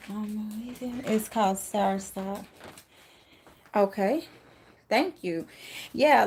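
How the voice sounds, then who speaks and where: A woman's voice: medium pitch, gravelly, slight background noise. A woman tarot reader chatting casually with viewers during a live stream, calling them y'all and laughing often while she moves around fetching things.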